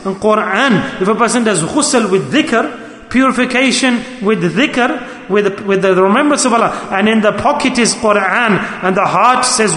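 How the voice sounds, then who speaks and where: A man giving a sermon, animated and acting out the voices he quotes. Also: sits high, normal speed. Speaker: preacher. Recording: echoey hall.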